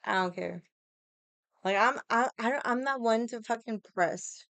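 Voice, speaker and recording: A woman vlogger telling stories in a casual, animated way, swearing often and acting out other people's lines. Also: on the high side, measured pace, gravelly, no echo. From Hawaii. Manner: animated, profane, laughs often, acts out quotes. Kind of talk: casual storytelling chat.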